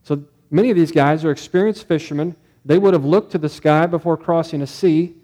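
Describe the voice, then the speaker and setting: A man's voice: fairly high pitch, brisk, dark tone. A male pastor giving a sermon in a conversational way, often putting questions to the congregation.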